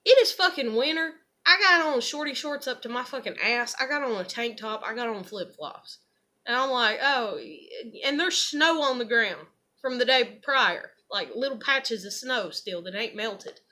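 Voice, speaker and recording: A woman's voice: a little high, expressive, normal speed, sharp tone. A woman telling a rambling, profane personal story in a heated rant. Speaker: vlogger.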